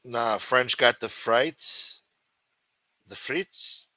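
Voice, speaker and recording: With a mid-range voice and drawn-out words, a male livestream host rants profanely with no room sound behind him. He is loud and taunting, swearing all the time, and alternates between shouting and muttering as he responds to the chat.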